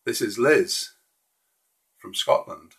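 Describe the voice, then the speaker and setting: A man's voice: lowish voice, expressive, takes it slowly, a bit bright, slightly rough. A man hosting a casual live stream, walking through slides in a friendly, hesitant way with frequent restarts.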